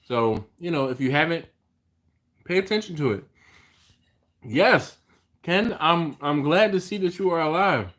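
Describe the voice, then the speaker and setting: A man's voice: fairly high pitch, expressive, measured pace, long pauses, fairly bright tone. Teasing American man hosting a live stream. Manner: teasing, reads viewer comments aloud. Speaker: host. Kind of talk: casual live stream chat.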